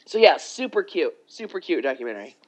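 A podcast co-host with a medium-pitched, sing-song voice chats casually at a quick pace, rambling through a retelling of a documentary. She acts out the quotes and swears freely, and the audio quality is poor.

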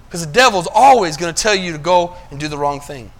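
High, bright-voiced preaching man. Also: lively intonation, quick pace, hardly any pauses. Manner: preaching, asks the congregation if they follow; swings between quiet low asides and loud emphatic passages. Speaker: pastor. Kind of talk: sermon.

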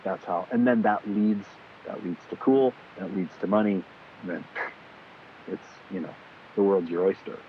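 A man talks in an animated, casual way and swears freely as he acts out conversations. His voice comes through thin and phone-like. A faint hiss sits underneath it. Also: low-pitched, moderate pace.

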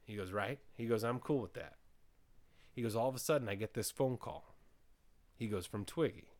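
Speaking at a normal speed in a mid-range voice, the podcast host tells a story casually. He's animated, repeating "he goes" whenever he quotes someone.

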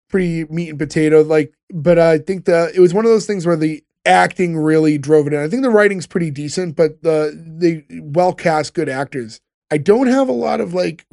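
The podcast host's darkish voice is a little high, and the studio-quality recording has no echo. His casual chat is loose and rambling, thick with fillers.

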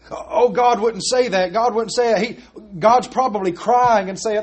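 Taking his time, a pastor whose voice is pitched high for a man delivers an earnest, emphatic sermon from the pulpit, pressing his points and relying heavily on rhetorical questions.

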